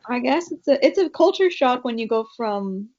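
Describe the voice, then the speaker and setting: A woman's voice: on the high side, expressive, normal speed, darkish tone. A young woman from California chatting as a podcast guest, telling family stories with lots of fillers and quoted voices. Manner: chatty storyteller, quotes her parents, many fillers. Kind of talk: casual interview chat. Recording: dull lo-fi podcast audio.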